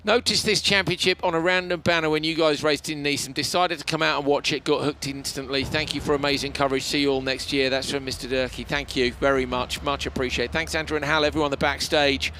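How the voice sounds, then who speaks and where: Man, hoarse throat, tired, chatty, emotional, bright tone, light background noise. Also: a little high, flat delivery, quick pace, hardly any pauses. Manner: chatty, emotional, laughs often. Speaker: rallycross commentator. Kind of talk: casual live broadcast chat.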